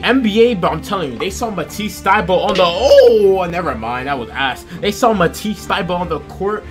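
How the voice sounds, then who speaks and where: A young man giving loud, profane play-by-play commentary over a basketball video game, shouting at big plays. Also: on the high side. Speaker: gaming YouTuber.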